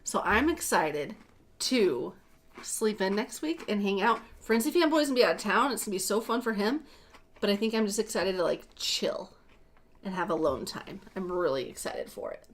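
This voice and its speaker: A sleep-deprived woman co-hosting a casual livestream, chatty and bubbly, often trailing off softer. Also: medium pitch, animated, brisk. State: tired from little sleep. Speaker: co-host.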